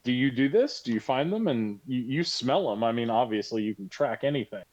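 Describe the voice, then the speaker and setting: A man's voice: mid-range voice, a little fast, dull audio. A man acting as game master in an online tabletop game, chatty and encouraging. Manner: chatty, encouraging, lively intonation. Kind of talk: narrating a tabletop game over voice chat.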